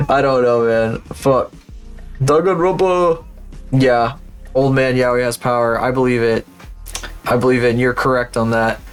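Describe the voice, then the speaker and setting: A man's voice: mid-range voice, steady tone, measured pace, long pauses, clear, resonant tone, faint music behind. A young man streaming live, commenting as he plays, swearing often and mumbling names aloud as he guesses.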